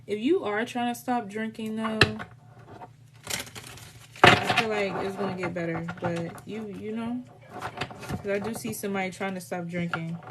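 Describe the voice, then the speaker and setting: A woman's voice: mid-range voice, normal speed, pauses often, heavy background noise. Blunt, profane woman reading tarot. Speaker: tarot reader. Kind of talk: casual live tarot reading.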